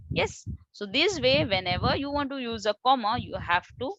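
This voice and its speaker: A woman teacher with an Indian English accent, explaining grammar to children slowly and with many repetitions. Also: mid-range voice, expressive, sharp tone, muffled recording, slight background noise. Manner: explains slowly, repeats words, addresses children. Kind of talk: online grammar lesson.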